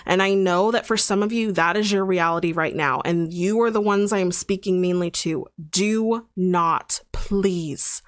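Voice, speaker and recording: A woman's voice: lowish voice, unhurried, hardly any pauses, no echo, clean studio sound. A young adult woman hosting a podcast, telling a personal story in an earnest, confessional and emphatic way. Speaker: podcast host.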